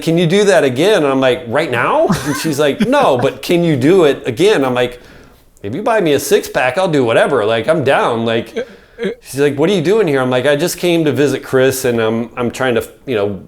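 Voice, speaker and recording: Middle-aged male podcast guest, casual storyteller, mid voice, rambling and profane. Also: mid-range voice. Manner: rambling, peppered with "like" and swearing.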